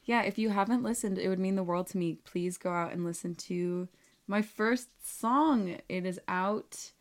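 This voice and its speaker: A woman's voice: mid-range voice, normal speed. A woman co-hosting a podcast in casual chat, bubbly and teasing, laughing often. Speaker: podcast co-host. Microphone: call recording.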